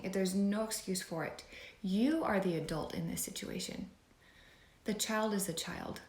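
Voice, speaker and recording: A woman's voice: lowish voice, reverberant. A woman YouTuber talking in an earnest, rambling, emotional way, speaking out in a commentary vlog.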